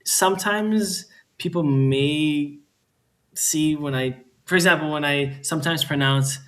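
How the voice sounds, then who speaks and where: A man speaking as a guest on a livestream, measured and hesitant, pausing often with fillers. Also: on the high side, a bit bright. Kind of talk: casual livestream chat.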